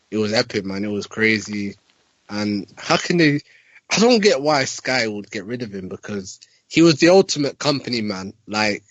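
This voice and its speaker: A man's voice: fairly low pitch, fairly bright tone, dry recording. A man chatting bluntly about boxing on a podcast, often trailing off with "like" and "man". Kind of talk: casual boxing chat. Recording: dull lo-fi sound, dry.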